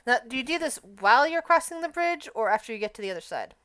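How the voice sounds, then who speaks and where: Smooth-voiced woman game master. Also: on the high side, animated, quick pace, bright, forceful tone, dry recording. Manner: conversational, descriptive, explains rulings. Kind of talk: narrating a tabletop game.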